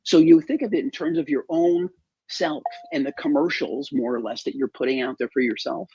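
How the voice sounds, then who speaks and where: Gravelly, husky man giving earnest advice. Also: fairly high pitch, a little fast, a little mellow, no echo, highs cut off. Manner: earnest, explanatory, repeats key points. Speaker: guest speaker. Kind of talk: conversational advice talk.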